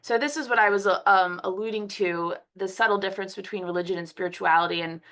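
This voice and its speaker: A woman's voice: medium pitch, quick pace, fairly bright tone. A woman from Philadelphia, a physician who has a cold, giving a conversational webinar lecture over a computer mic. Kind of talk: webinar presentation.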